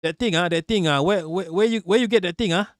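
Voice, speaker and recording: A man's voice: high-pitched, fast talker, no echo, clean studio sound, voice pushed up, natural voice. A man putting on a heavy Malaysian English accent. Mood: nosy. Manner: choppy, repeats words, ends lines with "ah". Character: chatty Malaysian man, everyday street talk.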